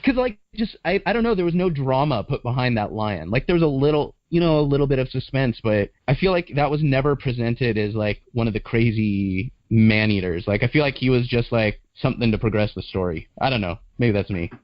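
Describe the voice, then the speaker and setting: A man's voice: medium pitch, animated, a little fast, hardly any pauses, no echo. A man talking as a podcast guest in casual movie chat, rambling and hedging with frequent laughs. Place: living in Los Angeles. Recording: dry, slightly dull lo-fi audio.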